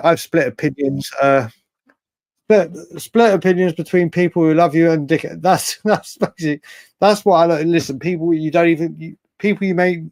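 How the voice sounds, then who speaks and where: A man hosting a late-night live fan stream, rambling and excitable, thanking chat viewers by name. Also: a little high, no room sound. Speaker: fan channel host.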